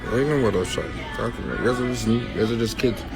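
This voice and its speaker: Talking very fast in a mid-range voice with vocal fry, a man rants and taunts over music on a phone livestream, slipping into sing-song chants. He's a rapper, and the whole thing is a rowdy livestream rant.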